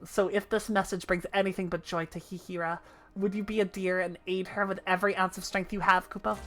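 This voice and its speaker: A woman voicing a small, excitable moogle postal creature, chirpy and pleading as she reads game dialogue aloud. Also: mid-range voice, brisk, faint music behind, natural voice. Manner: chirpy, pleading, says kupo.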